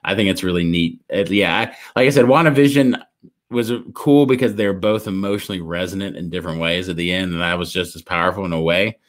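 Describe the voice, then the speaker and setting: A man co-hosting a casual podcast, retelling stories in a rambling, animated way with lots of restarts. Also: low-pitched, fast. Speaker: podcast co-host. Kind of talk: casual chat.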